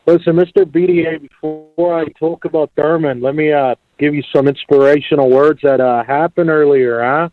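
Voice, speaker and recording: A man's voice: a little high, fairly even intonation, normal speed, hardly any pauses, soft background music. A man calling in to a talk show, crude and sarcastic, heard over a phone line. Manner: crude, sarcastic, calls the host "Chief". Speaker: caller. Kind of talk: call-in chat.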